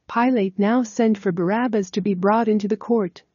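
A woman reading a religious text aloud as scripted narration, in a steady, measured way. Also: mid-range voice, no room sound. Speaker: audiobook reader. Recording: dull, lo-fi dry recording.

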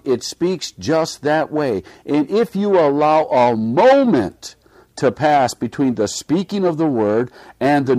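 A man's voice: a little high, dark tone, dry recording. A man delivering a sermon in an earnest way, pressing his listeners with pointed rhetorical questions. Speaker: preacher. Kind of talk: read-aloud sermon.

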